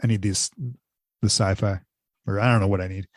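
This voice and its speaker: A man's voice: on the low side, little pitch movement, a little fast, no echo, studio quality. Blunt joking man on a podcast. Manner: blunt, joking, crude quips. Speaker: podcast co-host. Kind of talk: casual chat.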